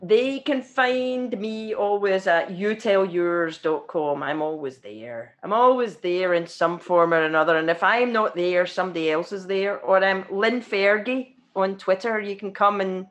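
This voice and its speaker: A Scottish woman chats as an interview guest, rambling loosely with dry humour and frequent laughter. Her voice sits at an ordinary middle pitch for a woman. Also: a little slow, few pauses, a bit bright. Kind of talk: casual interview chat.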